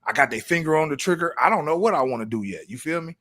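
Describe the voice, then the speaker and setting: A man's voice: on the high side, animated, quick pace, fairly bright tone. A middle-aged man co-hosting a casual podcast, laid-back and full of street slang, often restarting his sentences. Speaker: podcast co-host.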